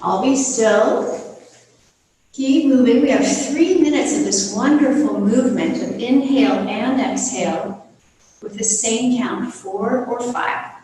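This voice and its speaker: Slow, calm yoga teacher, roomy and distant. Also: female voice, on the high side. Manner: slow, calm, soothing cues. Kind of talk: guided yoga class instruction. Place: home studio on a live video call. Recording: roomy echo from far off the mic.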